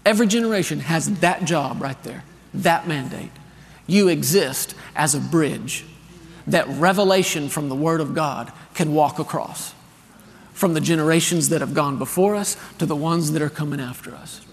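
A man's voice: on the high side, moderate pace, gravelly. Earnest preaching man in a big hall. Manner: storytelling, animated and earnest, calls for responses. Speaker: pastor. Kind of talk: sermon. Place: large church hall.

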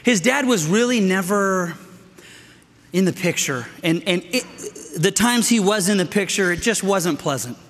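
A middle-aged man preaching a sermon to men, energetic and out of breath, calling for amens. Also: high-pitched, measured pace. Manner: energetic, calls for amens, asks "right?". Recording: echoey hall with long reverb.

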